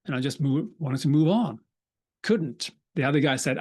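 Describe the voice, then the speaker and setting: A man, giving a live talk as a speaker and telling a personal story with humor and quick asides. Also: on the high side, animated, darkish tone, husky. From Sweden. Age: 50s. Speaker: keynote speaker.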